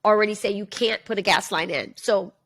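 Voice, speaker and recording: A middle-aged woman co-hosts a podcast of casual political chat, speaking fairly quickly in a mid-range, fairly bright voice. Her sentences run long and on, packed with fillers.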